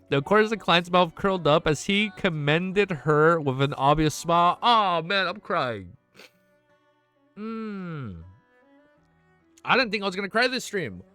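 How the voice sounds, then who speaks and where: A man's voice: fairly high pitch, expressive, normal speed, bright, forceful tone, faint music behind. A young man streaming, reading a novel aloud and reacting with emotional, swearing asides.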